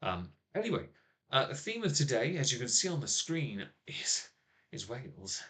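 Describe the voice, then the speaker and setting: A man's voice: mid-range voice, big pitch swings, normal speed, bright, forceful tone. A man hosting a casual live stream from a small home office on a laptop microphone. He rambles, uses lots of fillers and teases his co-host. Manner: rambling, filler-heavy, teasing.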